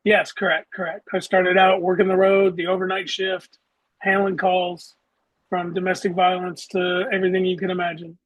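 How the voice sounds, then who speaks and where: A middle-aged man with a fairly high, husky voice tells vivid stories in an interview. The sound is dry and close, with no room in it. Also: completely flat delivery, normal speed, a bit bright, no room sound, rough recording. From Southeastern United States. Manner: matter-of-fact, vivid storyteller. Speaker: guest, former traffic police officer. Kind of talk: interview storytelling.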